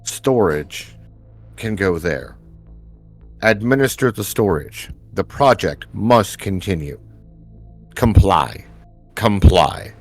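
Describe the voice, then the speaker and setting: Robotic male machine voice, flat and deliberate, low and slow, put on by a man running the game. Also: faint music behind, exaggerated voice. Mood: commanding. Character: cold robotic male facility voice. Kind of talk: tabletop role-play.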